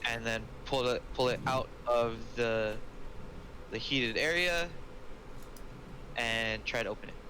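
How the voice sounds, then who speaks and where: A man player in an online tabletop game talks through his character's moves, hesitating with frequent "uh"s. His voice is at a medium pitch, and a clear hiss of line noise sits behind it. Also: unhurried, pauses often, bright, forceful tone. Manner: hesitant, lots of "uh". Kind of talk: playing a tabletop game over a call. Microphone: online voice call. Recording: noisy call audio.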